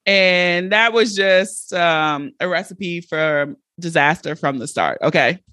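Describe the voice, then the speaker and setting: A woman's voice: fairly low pitch, slow pace, no echo, clean studio sound. Blunt, swearing woman podcast host. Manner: blunt, animated, heavy swearing. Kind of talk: solo podcast monologue.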